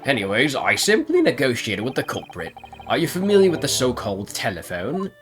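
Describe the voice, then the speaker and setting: A man voicing a pompous, eccentric gentleman detective in a game, with flowery, self-assured speech. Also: medium pitch, wildly swooping pitch, a little fast, over music. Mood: grandiose. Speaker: game streamer reading dialogue.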